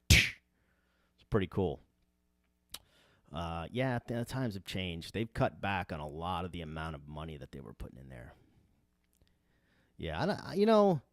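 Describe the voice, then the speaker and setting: Heated, ranting man with swooping pitch. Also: dry recording, clean studio sound. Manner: sounds angry and yelling, heated; profane, emphatic. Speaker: podcast host. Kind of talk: livestream rant.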